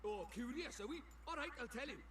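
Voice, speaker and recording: A man's voice: expressive, brisk, a bit bright, distant mic, slight background noise. A man voicing a cheeky, bossy little male fairy, reading game dialogue aloud. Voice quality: very high, bouncy singsong delivery.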